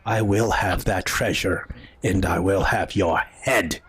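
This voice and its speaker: A man voicing a vengeful male naval admiral, speaking low, slow and threatening. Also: steady tone, a bit bright, slightly rough, full character voice. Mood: menacing.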